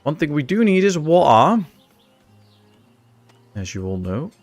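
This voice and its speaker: A man's voice: on the high side, very animated, unhurried, darkish tone, no room sound, soft background music. A man with a Dutch accent giving laid-back live-stream gameplay commentary, chatting with his viewers and joking around. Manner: chatty, laid-back, answers chat with jokes. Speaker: gaming streamer.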